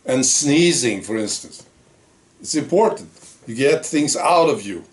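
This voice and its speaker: A man's voice: mid-range voice, lively intonation, unhurried. A man hosting his own opinion vlog, talking in a blunt, sarcastic, plain-spoken way. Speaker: channel host.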